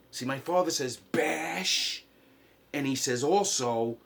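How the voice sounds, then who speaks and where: A man in a rambling, impassioned vlog monologue, swinging from quiet mutters to loud outbursts. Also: a little high, takes it slowly, gravelly, slight background noise. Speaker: vlogger.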